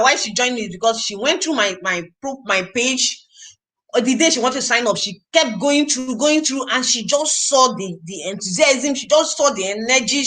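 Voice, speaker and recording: A woman leading a motivational training talk on recruiting, emphatic and repetitive, drilling each point home. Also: sits high. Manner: acts out the prospect conversations in animated voices. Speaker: network marketing team leader and trainer.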